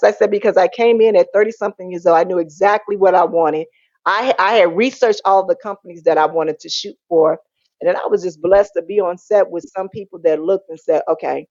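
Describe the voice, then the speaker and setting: Woman guest spilling her story, acts out family voices, dry lo-fi sound. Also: no room sound. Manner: animated, acts out quoted family voices in a high pitch. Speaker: interview guest. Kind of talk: candid storytelling.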